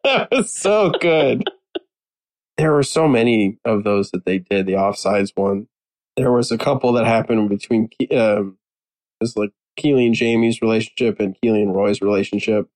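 A man chatting casually as a panelist, animated and amused as he retells favorite scenes. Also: on the low side, moderate pace, low-quality recording. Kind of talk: casual chat.

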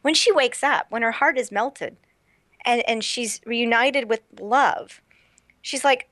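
A woman's voice: fairly high pitch, takes it slowly, a bit bright, no echo, clean studio sound. A woman in her thirties chatting casually, animatedly retelling a TV episode and acting out the characters' lines. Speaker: podcast co-host. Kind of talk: casual chat recapping a TV episode.

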